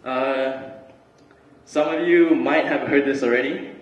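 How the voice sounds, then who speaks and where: A young man giving a relaxed, chatty student talk with lots of fillers and restarts. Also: medium pitch, takes it slowly, lo-fi sound. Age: young adult. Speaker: student speaker. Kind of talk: casual student talk and spoken word. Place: large hall. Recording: roomy hall recording from far off.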